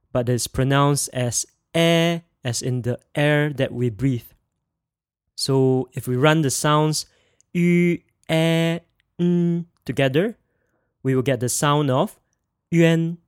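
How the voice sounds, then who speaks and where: A man teaching a pronunciation lesson, modelling each sound slowly and carefully and asking the listener to repeat it. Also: medium pitch, clear, resonant tone, no room sound, studio quality. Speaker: language teacher.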